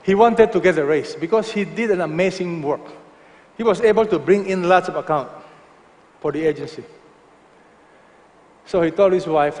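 High-voiced male preacher in echoey hall. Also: normal speed, darkish tone. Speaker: pastor. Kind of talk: sermon.

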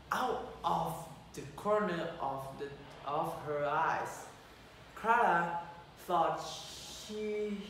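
A teenage boy reads a storybook aloud, halting and correcting himself as he goes. His voice is lively and a little high. The sound is distant and very echoey, with faint noise behind. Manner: slow and halting, self-correcting. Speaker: student storyteller.

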